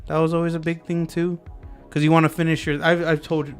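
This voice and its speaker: Male podcast host, casual and rambling, slightly raised pitch, soft music bed. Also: level tone, fairly quick, clear, resonant tone. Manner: loose and rambling, lots of fillers and restarts. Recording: lofi music underneath.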